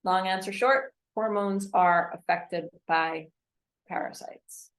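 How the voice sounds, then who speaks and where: A woman practitioner in a casual health chat explains techniques step by step. Her voice sits at a middle pitch and carries a roomy echo. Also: takes it slowly. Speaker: guest practitioner.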